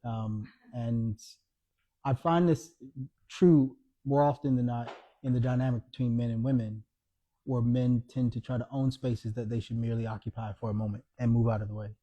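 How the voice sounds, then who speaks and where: An author at a live book talk, his voice mellow and a little husky. He tells his story with energy and acts out the dialogue of the people in it. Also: medium pitch, moderate pace, muffled recording. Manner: animated storyteller acting out quoted dialogue. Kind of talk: storytelling conversation.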